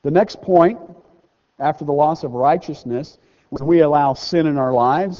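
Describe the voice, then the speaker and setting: Male pastor with a lively, fairly high voice, preaching in a conversational way. Long church reverb, slightly muffled recording. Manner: conversational preaching, slows down and rises for scripture readings; self-deprecating asides. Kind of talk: sermon. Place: church sanctuary. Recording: dull sound with long hall reverb.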